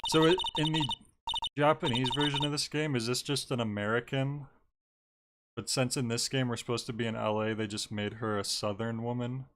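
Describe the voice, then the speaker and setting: Relaxed man streaming a game. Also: mid-range voice, normal speed, a little hiss or hum. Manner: musing, casual asides. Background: loud game music.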